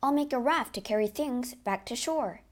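A woman's voice: a little high, lively intonation, normal speed, pitched above the performer's own voice, natural voice. A woman voicing a shipwrecked male castaway, quoting him plainly in a storybook reading. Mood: planning.

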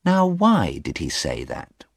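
A man voicing a careful, thoughtful lawyer in an audiobook, speaking slowly and questioningly. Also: low-pitched, wildly swooping pitch, vocal fry, dry recording, exaggerated voice. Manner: measured, questioning.

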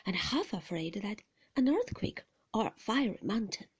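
A woman reading a classic novel aloud in a soft, half-whispered voice. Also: mid-range voice, very animated, normal speed, slightly rough. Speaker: narrator. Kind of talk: storybook reading.

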